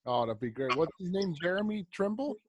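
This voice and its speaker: A man's voice: high voice, big pitch swings, fairly quick. A man hosting a podcast interview, reacting with enthusiasm and asking follow-up questions. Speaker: podcast host. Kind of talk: casual interview chat.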